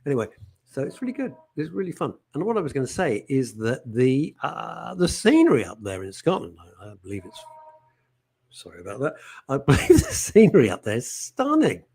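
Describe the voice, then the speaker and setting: A man's voice: on the high side, huge pitch swings, fairly quick, vocal fry, darkish tone, breathy edge. A middle-aged man hosting a talk show, chatty, jokey and opinionated, with bursts of indignation. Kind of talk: casual chat.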